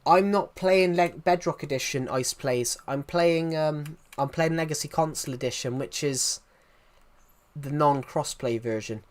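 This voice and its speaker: An unhurried, slightly high male voice with a Southwest English accent drifts through a casual live stream. The English streamer rambles, often begins his sentences again, and takes questions from the chat.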